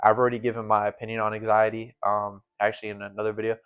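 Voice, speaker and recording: This former volleyball setter, a young man in his late teens, is a guest in a casual conversational chat, rambling earnestly with many fillers. His lowish, smooth voice is completely flat and very fast, and the recording is dull and lo-fi.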